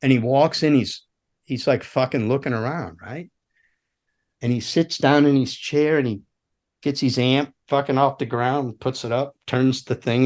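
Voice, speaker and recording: A man telling road stories in a casual podcast chat, swearing freely and acting out the voices of the people he quotes. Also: mid-range voice. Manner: profane, animated storyteller who acts out quotes. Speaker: guest, former roadie.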